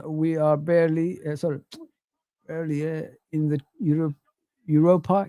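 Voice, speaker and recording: A man's voice: fairly high pitch, fairly even intonation, a little slow, dark tone, dry recording. A young man hosting a casual live stream, ranting, repeating himself and reading viewer comments aloud.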